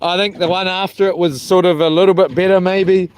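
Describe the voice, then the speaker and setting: A man's voice: sits high, fairly even intonation, brisk, smooth. A man, rambling and joking to his live chat from a small boat while fishing, with lots of ums. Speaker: fishing livestreamer.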